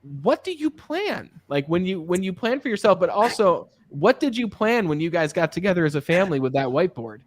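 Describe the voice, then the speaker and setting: Animated man hosting a chat. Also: high-pitched, brisk, hardly any pauses, no echo. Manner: animated, anecdotal, often asks "right?". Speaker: podcast host and sales coach. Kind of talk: casual interview chat.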